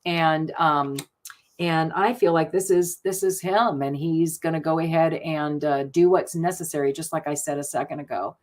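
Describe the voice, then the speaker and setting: Middle-aged woman card reader, slightly low voice, warm gushing live-stream chat, laughs easily. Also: fairly even intonation, normal speed. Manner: gushing and chatty, laughs often. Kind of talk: casual live card reading.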